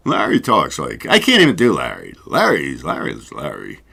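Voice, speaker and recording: A man's voice: rumbling low, huge pitch swings, moderate pace, vocal fry, pushed and bright, breathy edge. A man hosting his own show, chatting casually and rambling, swearing freely and laughing often. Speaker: show host. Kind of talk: casual solo livestream chat.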